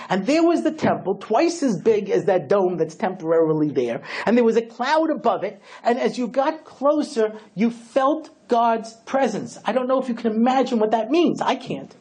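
A man giving a humorous religious lecture as a rabbi, telling jokes and swinging between hushed, slow lines and excited bursts. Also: very high-pitched.

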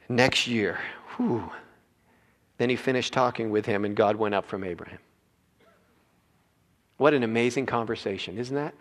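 A man preaching a sermon as a pastor, animated and acting out characters in his telling. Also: medium pitch, moderate pace, pauses often. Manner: animated, acts out biblical characters with voices. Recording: reverberant hall.

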